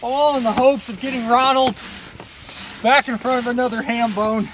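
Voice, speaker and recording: A man's voice: extremely high pitch, steady tone, normal speed, noisy background. A man hosting a fishing trip vlog, talking casually outdoors on a river raft with wry, joking, self-deprecating commentary.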